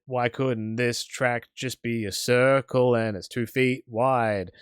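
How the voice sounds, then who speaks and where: A man's voice: mid-range voice, fairly even intonation, takes it slowly, clear, resonant tone, dry recording, clean studio sound. A man streaming a racing game, talking to himself in a sarcastic, self-deprecating way. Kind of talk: casual gameplay commentary.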